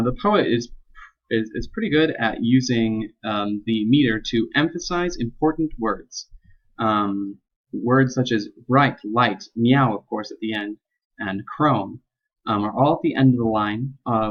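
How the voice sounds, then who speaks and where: A young man presenting a spoken analysis of a poem, halting and full of ums and restarts. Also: medium pitch. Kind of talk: unscripted spoken explication. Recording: dull lo-fi recording.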